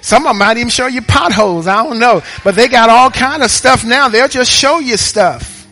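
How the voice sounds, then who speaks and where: A man's voice: very high-pitched, moderate pace, bright, forceful tone, faint music behind. A man preaching a sermon with an emphatic, repetitive cadence, throwing rhetorical questions to the congregation in a church.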